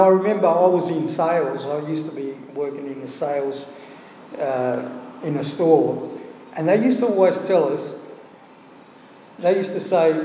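A man's voice: on the high side, warm tone, slight background noise. Man preaching in an echoey hall. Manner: conversational, with frequent "you know" asides. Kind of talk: sermon. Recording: echoey hall, heard from a distance.

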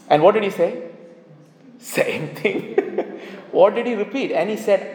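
A man's voice: high-pitched, lively intonation, unhurried, long pauses, a little mellow. Emphatic preacher man in echoey hall. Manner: emphatic, repeats key phrases for stress. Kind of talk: sermon.

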